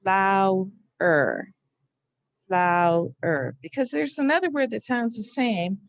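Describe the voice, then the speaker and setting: A middle-aged woman teaching a slow spelling lesson, overpronouncing each sound and syllable. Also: high-pitched, animated, gravelly, no room sound.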